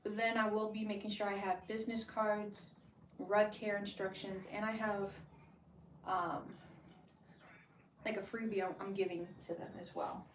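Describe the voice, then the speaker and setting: A woman's voice: medium pitch, flat delivery, unhurried, background noise. A woman chatting casually in a home craft vlog, rambling with lots of fillers and restarts. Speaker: craft vlogger and small shop owner.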